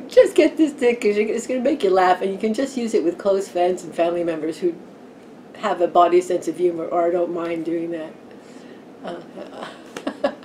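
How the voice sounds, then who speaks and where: A woman hosting a home tarot vlog, chatting loosely and giggling as she rambles along. Her voice sits at an everyday middle pitch, and a faint hum of room noise runs behind her. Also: dark tone. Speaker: tarot channel host. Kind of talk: casual vlog chat. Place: home room with a fan running.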